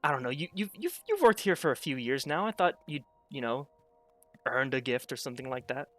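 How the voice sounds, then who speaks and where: A man's voice: medium pitch, big pitch swings, fairly quick, fairly bright tone, no room sound, soft background music. A man voicing a poised female council official with a teasing, pointed manner. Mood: sheepish.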